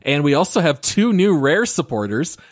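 A man hosts a gaming podcast in a friendly, laughing way, keeping the show moving. His voice sits a bit high for a man. The sound is dry and close to the mic. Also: big pitch swings, moderate pace, dry recording. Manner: laughing, upbeat, runs the housekeeping segments. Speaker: podcast host. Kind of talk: casual gaming podcast chat.

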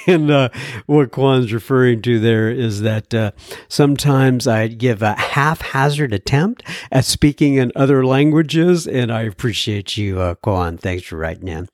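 A man's voice: medium pitch, a little slow, no echo, clean studio sound. A man hosting a recovery podcast, talking casually, reading listener mail, laughing often and slipping into a joking French accent. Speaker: podcast host.

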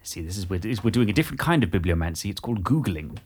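Wry, hesitant man with a lively voice. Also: deep voice, racing, slightly rough. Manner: dry, wry and hesitant, with restarts. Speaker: podcast co-host. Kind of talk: casual chat.

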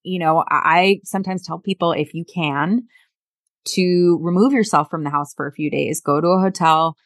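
A woman's voice: fairly low pitch, normal speed, no room sound, clean studio sound. A middle-aged woman talking earnestly in a casual conversation, often repeating words and acting out lines from family life. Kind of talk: casual conversation about sobriety.

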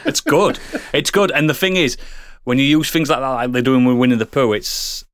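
A man co-hosts a comedy podcast, animated and sweary, often laughing as he tells a long story. His voice sits at a middle pitch. The recording is dry and close, with no room sound. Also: a little fast, clear, resonant tone, no room sound.

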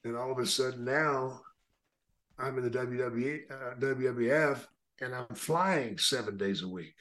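A man's voice: mid-range voice, a little slow, fairly bright tone. A man, a guest telling laid-back stories in a casual interview, laughing now and then. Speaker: guest, retired wrestler.

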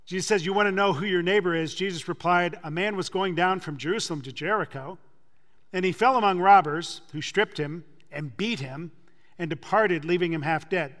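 A man preaching a sermon, retelling a scripture story with lively acted-out dialogue. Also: sits high, normal speed. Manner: animated storytelling, acting out quoted voices. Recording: long hall reverb.

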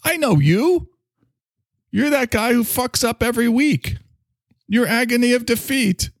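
A man's voice: expressive, unhurried, no echo, studio quality, full character voice. A man doing a jeering heckler. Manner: jeering, high-pitched taunting. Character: mocking male fan heckling a sports loser.

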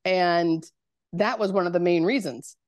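A woman, a hospice nurse, telling a personal story in a podcast interview, halting and searching for words with many fillers. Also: lowish voice, a little mellow, no echo.

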